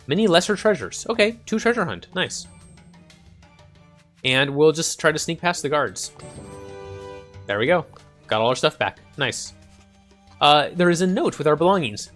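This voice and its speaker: A man's voice: a little high, sing-song, unhurried, pauses often, fairly bright tone. A man hosting a casual let's-play, chatting and reading game text aloud. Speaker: gaming channel host. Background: faint game music.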